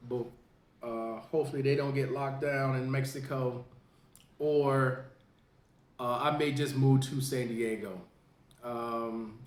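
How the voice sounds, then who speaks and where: A man who hosts a veterans information podcast, from the United States, giving a casual spoken update in a plain, unhurried way with many fillers. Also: mid-range voice, reverberant, slight background noise. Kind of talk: casual straight-to-camera update.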